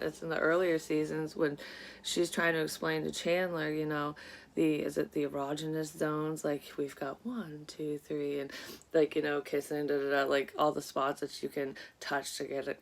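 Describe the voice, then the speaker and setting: A psychic vlogger, a woman in her thirties, chats casually in a low, creaky voice. She sounds congested and a little sleepy, rambling along with plenty of fillers and curse words.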